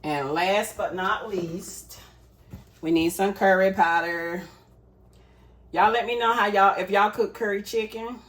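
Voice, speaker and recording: A cooking vlogger chats casually with her viewers, calling them y'all as she cooks in her home kitchen. Her voice is mid-range and fairly bright, and she talks a little slowly.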